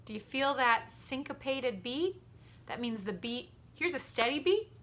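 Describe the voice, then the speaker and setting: A woman music teacher with a very high voice speaks slowly and with a lively, swooping tone. She guides children through a lesson from home in a patient, encouraging way. She chats warmly and laughs easily. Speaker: elementary school music teacher. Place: at home with her dog.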